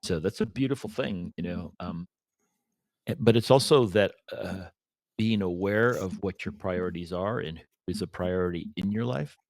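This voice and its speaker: A man's voice: deep voice, normal speed, creaky, a little mellow, no echo, studio quality. A man co-hosting a podcast, reflecting aloud in casual chat, with fillers as he thinks. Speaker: podcast co-host.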